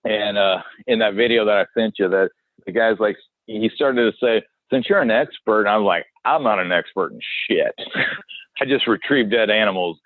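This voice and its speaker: Low-voiced man telling a story over a tinny line. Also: normal speed, no room sound. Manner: animated storyteller acting out quotes. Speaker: podcast co-host, dead animal removal worker. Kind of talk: casual storytelling chat. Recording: dry phone-like line.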